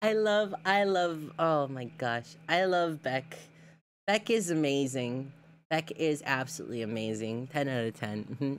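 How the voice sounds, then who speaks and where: A woman's voice: a bass voice, measured pace, slight background noise. A young adult woman streamer in casual live-stream chat, reading her chat aloud and gushing over clips she shows.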